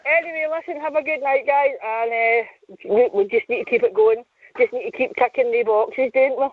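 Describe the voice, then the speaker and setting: A woman phoning in to a radio show, chatty and quick to laugh as she tells a story. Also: fairly high pitch, no room sound. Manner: chatty, laughs often while telling a story. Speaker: caller. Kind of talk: casual call-in chat. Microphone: phone. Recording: tinny phone line.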